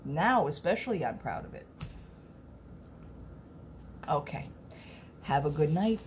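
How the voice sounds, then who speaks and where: A woman's voice: sits low, animated, slow pace, pauses often, darkish tone, slight background noise. A middle-aged woman, chatting to camera in a rambling, earnest way as a vlogger. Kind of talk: casual chat to camera.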